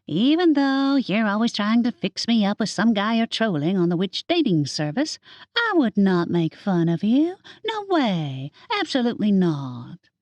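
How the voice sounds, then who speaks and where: A woman voicing an eager, teasing young witch who talks in excited, raised tones. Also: measured pace, dry recording, highs cut off. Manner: excited and high-pitched.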